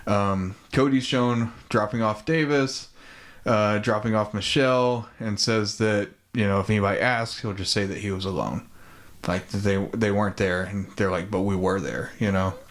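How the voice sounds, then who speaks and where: Low-voiced laid-back man retelling a film. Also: steady tone, normal speed. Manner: laid-back, profane, many ums and likes. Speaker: podcast co-host. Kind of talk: casual chat retelling a film.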